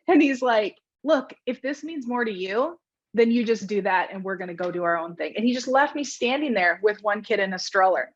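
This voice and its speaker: A woman in her thirties speaks as a podcast guest, recounting her real estate career with frank, chatty energy. Her voice sits at a middle pitch, and the recording sounds a bit dull and lo-fi. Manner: candid, fast storytelling with many likes and ums. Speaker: guest, realtor. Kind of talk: podcast interview storytelling.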